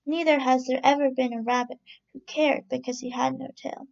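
High, gravelly woman reading stories. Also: level tone. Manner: slow, gentle storybook reading. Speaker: storyteller. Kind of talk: reading children's stories aloud. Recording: dull lo-fi recording.

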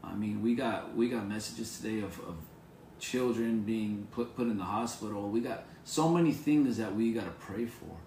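A man's voice: lowish voice, normal speed, mellow, roomy sound, a little hiss or hum. A man preaching an informal devotional sermon to viewers on camera, earnest and encouraging, repeating his phrases. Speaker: pastor.

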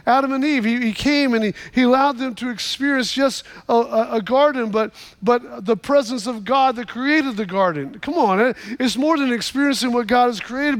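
Pastor, male, high voice, storytelling sermon delivery with frequent restarts. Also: fairly bright tone. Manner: storytelling, repeats words in restarts, calls for amens.

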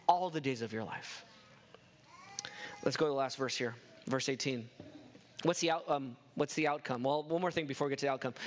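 A man's voice: fairly high pitch, fairly bright tone. A man preaching a sermon with passion, firing off rhetorical questions at his congregation. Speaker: pastor.

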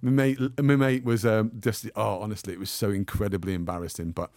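A man, a podcast guest telling a lively anecdote and acting out the people in it. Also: on the low side, brisk, dry recording, clean studio sound. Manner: animated anecdote teller, acts out quotes. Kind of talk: casual storytelling chat. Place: bar set for a podcast.

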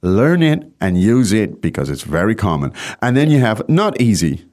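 A man with a fairly low voice talks through a language lesson like a podcast host. His pitch moves around a lot as he explains, with plenty of fillers. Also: sing-song, moderate pace, darkish tone. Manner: chatty, explaining with frequent uh fillers.

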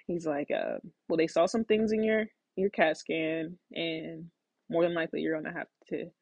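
A woman in her thirties, a podcast host, telling a personal story in a rambling, animated way with lots of fillers and restarts. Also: sits low, moderate pace, creaky, slightly rough, dry recording. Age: 30s. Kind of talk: casual storytelling monologue.

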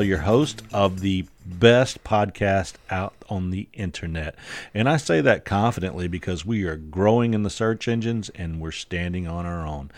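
A man's voice: lowish voice, no room sound. A man hosting a podcast in casual chat, rambling and jokey with lots of fillers. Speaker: podcast host.

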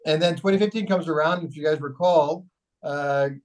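A middle-aged Canadian man, interviewed in his role as mayor, tells long, rambling stories full of restarts and self-corrections in a casual storytelling interview. His voice sits on the high side at a normal speed, and the recording is rough.

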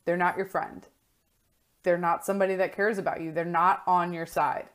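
A woman's voice: fairly low pitch, fairly even intonation, normal speed, a bit bright. Blunt, frank woman coach talking. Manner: blunt, frank, swears freely. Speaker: life coach. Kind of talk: casual solo talk.

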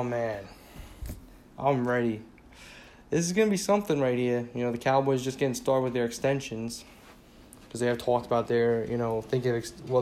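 A man rants about his team on his own, speaking in a middle pitch with loose, rambling sentences. He leans on "you know" over and over and swears freely once he's riled up. A faint hiss sits under the recording. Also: a little mellow. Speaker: sports fan podcaster. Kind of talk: casual solo sports rant.

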